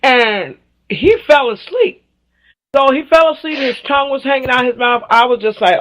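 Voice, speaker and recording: Low-voiced, sassy woman telling stories. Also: moderate pace, rough recording. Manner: animated storyteller, laughs often, acts out the people in her stories; sassy, outspoken. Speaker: guest. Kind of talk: casual radio interview chat.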